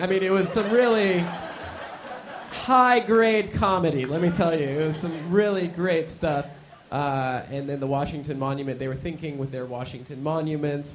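A man's voice: fairly high pitch, a little hiss or hum. A man doing a stand-up set, telling a rambling story. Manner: rambling storytelling, bursts into shouted mock slogans. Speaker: stand-up comedian.

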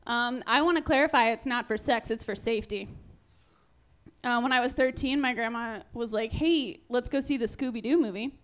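A woman in her twenties does a stand-up set in a slightly high voice. She is dry and self-mocking, and she halts on ums before she drops each joke. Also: normal speed. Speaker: stand-up comedian.

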